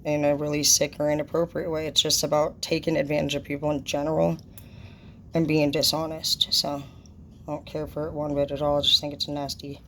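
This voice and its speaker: A woman with a low voice vents in a casual vlog rant. She is blunt, indignant and full of swearing. She sounds upset and fed up, and steady clicking noises run behind her. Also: slight background noise, low-quality recording. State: upset and annoyed.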